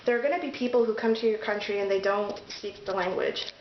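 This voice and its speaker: A woman's voice: mid-range voice, brisk, slight background noise. A young American woman telling stories in a rambling vlog, with many fillers and restarts. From United States. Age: young adult. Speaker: vlogger. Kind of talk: casual chat. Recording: echoey room, dull sound.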